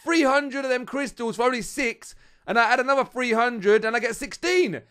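Chatty high-voiced British man. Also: moderate pace, clear, resonant tone. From United Kingdom. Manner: chatty and excitable, talks straight to viewers as "guys". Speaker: gaming channel host. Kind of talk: casual gameplay commentary.

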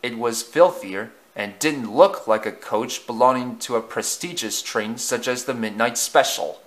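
A man's voice: medium pitch, unhurried. A man narrating a storybook as an amateur reader, with frequent slips and self-corrections.

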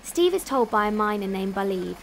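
A woman giving scripted documentary narration in an even, informative voice-over. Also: mid-range voice, a little fast, creaky, a little hiss or hum. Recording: voice-over with music behind. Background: music.

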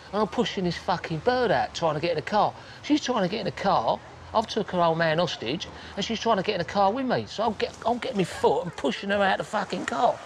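An interviewee tells the story of his crimes in a blunt, casual way, cursing frequently and mimicking what people said in quick snippets of dialogue. His voice is on the high side, with a little hiss or hum in the recording.

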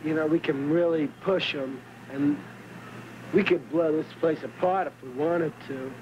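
Man, archival interview, excited and rambling, slow-spoken, a bit high, muffled lo-fi tape. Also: a little hiss or hum. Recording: dull lo-fi archive recording.

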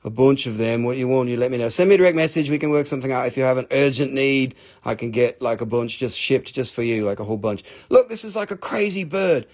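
A man hosting a live rock and mineral sale, chatting casually. He talks fast, rambles with excitement and swears freely. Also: medium pitch. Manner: talks fast when showing items. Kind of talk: live sales stream, casual chat.

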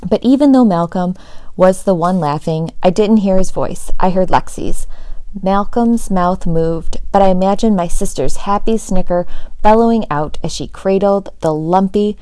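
A woman reads a children's chapter book aloud like a teacher, telling the story in a steady, expressive way close to the mic. Her voice sits in the mid-range, her pace is moderate, and there's no room sound.

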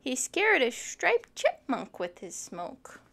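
A woman's voice: high voice, huge pitch swings, slow pace, creaky, pushed and bright. A young woman reading a children's book aloud, chatting with her listeners between pages. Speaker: storytime reader.

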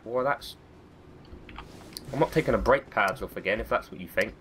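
A man's voice: on the low side, normal speed, a bit bright, a little hiss or hum. A man with a cold, giving chatty, self-mocking let's-play commentary and swearing often. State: has a cold. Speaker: gaming video host.

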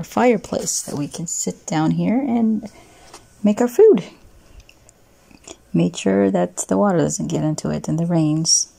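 A woman narrates her life-sim game casually as she builds and plays. Her voice is husky and mellow, with a gravelly texture. She speaks into a desk mic at home. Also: on the low side. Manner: chatty, narrating while building. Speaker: let's play host.

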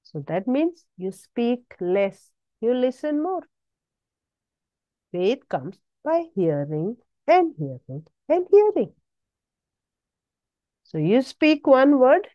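A woman's voice: sits high, very animated, slow pace, pauses often, dark tone, no room sound, highs cut off. A woman preaching a sermon, exhorting with emphatic repetition and sudden rises in her voice.

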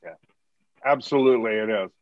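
A man's voice: fairly low pitch, fairly quick, dry recording, dull audio. A man co-hosting a casual podcast, talking earnestly and a little preachily about his trade, rambling with restarts and the odd laugh. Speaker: podcast co-host, hair color educator.

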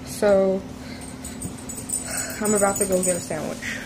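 A woman's voice: medium pitch, level tone, normal speed, pauses often, poor audio. A woman vlogger chatting casually and rambling through her day with self-deprecating asides, filming on a handheld camera from inside a car. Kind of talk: casual vlog chat. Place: inside a car while driving. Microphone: handheld camera or phone.

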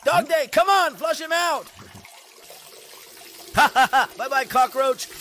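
Male reaction host, piercing high bright voice, loud and excitable. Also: slow, slight background noise. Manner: loud, yells at the screen, laughs.

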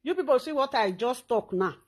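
A woman's voice: a little high, lively intonation, a little fast, slightly rough. A Nigerian woman hosting her own talk show, delivering a scolding, insulting rant. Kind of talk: social media rant.

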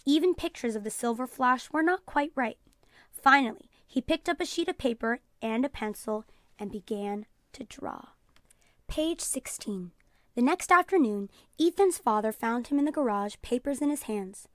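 A woman teacher reading a children's storybook aloud in a calm storytelling voice, announcing page numbers. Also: on the high side, normal speed, no echo, studio quality. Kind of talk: children's read-aloud narration.

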